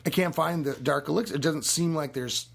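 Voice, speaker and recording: A man co-hosting a casual gaming podcast, speaking hesitantly and filling his pauses with many "uh"s and "and"s. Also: fairly high pitch, gravelly, slight background noise. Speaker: podcast co-host.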